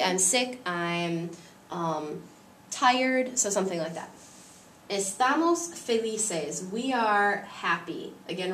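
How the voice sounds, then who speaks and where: A woman's voice: mid-range voice, roomy sound, recorded from a distance, a little hiss or hum. A woman teaching a Spanish grammar lesson, patiently explaining each step.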